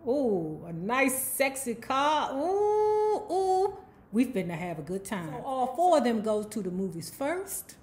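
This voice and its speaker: A woman's voice: a little high, a little mellow. A woman casually retelling a novel's plot as a book club host, chatty and profane, with personal asides to the listener. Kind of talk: casual book recap storytelling.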